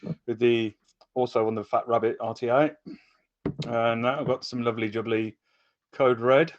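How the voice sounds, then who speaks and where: Male guest, halting gear rundown, muffled call audio. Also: mid-range voice, steady tone. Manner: hesitant, listing gear. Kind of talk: casual group chat.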